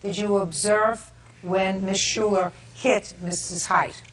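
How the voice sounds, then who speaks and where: A woman TV judge asking brisk, curt questions in a courtroom. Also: medium pitch, steady tone, slight background noise. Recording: echoey courtroom from far off.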